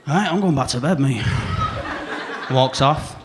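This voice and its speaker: Laddish young Salford stand-up. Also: male voice, mid-range voice, unhurried. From Salford, England. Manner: laddish, rambling, slips into mimicking voices. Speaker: new act comedian. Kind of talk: stand-up set. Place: comedy club stage.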